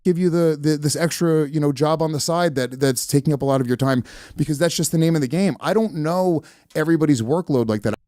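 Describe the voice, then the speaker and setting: A man explaining defensively on a podcast, repeating himself with halting restarts. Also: on the high side, dark tone, no echo, studio quality. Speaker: podcast host.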